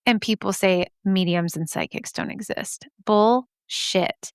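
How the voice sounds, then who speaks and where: A woman's voice: medium pitch, slow pace, few pauses, clear, resonant tone, no echo, clean studio sound. A woman hosting a podcast, reading listener mail aloud and reacting in a chatty, emotional way, laughing often and swearing casually.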